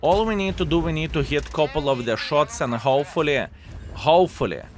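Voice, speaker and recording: A man's voice: fairly high pitch, brisk, slight background noise. Chatty man doing gameplay commentary. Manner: chatty, talks to viewers with tag questions; non-native English phrasing.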